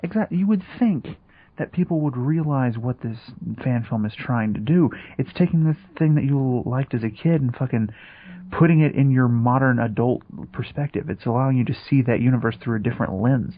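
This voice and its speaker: A man's voice: medium pitch, fairly quick. A man co-hosting a podcast in casual chat, emphatic and repeating himself for effect. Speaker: podcast co-host. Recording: tinny phone-like sound.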